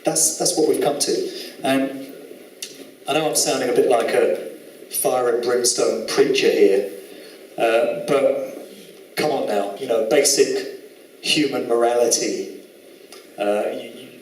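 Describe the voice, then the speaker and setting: A man's voice: medium pitch, unhurried, pauses often, a little hiss or hum. Sarcastic Southern English man lecturing. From England. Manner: sarcastic, indignant, moralizing. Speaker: conference speaker. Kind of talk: live lecture presentation. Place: lecture hall. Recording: echoey hall, mic from far off.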